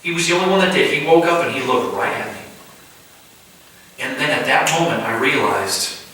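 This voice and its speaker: Bright-voiced man preaching in an echoey room. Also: mid-range voice, animated, slight background noise. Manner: vivid first-person storytelling with halting restarts. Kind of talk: conversational sermon storytelling. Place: house church room. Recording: echoey room, distant mic.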